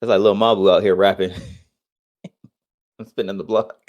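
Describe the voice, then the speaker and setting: A man's voice: low voice, steady tone, measured pace. A man co-hosting a casual podcast, ranting heatedly with lots of profanity and mocking quotes. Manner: heated, profane, swings between loud outbursts and mock quotes. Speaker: podcast co-host.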